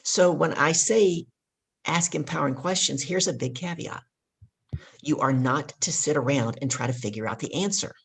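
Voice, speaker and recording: A woman's voice: low-pitched, moderate pace, gravelly, breathy edge. A woman guest and life coach telling a coaching story with energy, hammering home her key points. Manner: emphatic, repeats key points.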